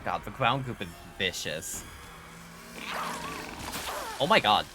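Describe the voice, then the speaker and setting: A man's voice: on the low side, expressive, slow pace, over music. A man streaming a horror game live, joking with chat and reacting aloud as he plays. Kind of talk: live gameplay commentary.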